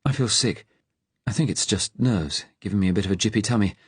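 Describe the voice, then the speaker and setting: A man's voice: on the low side, a little fast, husky, no echo, voice pushed up. A male narrator playing an anxious, worn-out young woman in an audiobook, strained and nervous, in a voice raised well above his own. Recorded close and dry.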